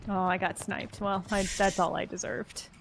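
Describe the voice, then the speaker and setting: A woman's voice: mid-range voice, flat delivery, moderate pace, vocal fry, noisy background. A woman streaming a shooter game in casual chat, laughing, swearing and poking fun at herself. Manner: swearing, laughing, self-mocking.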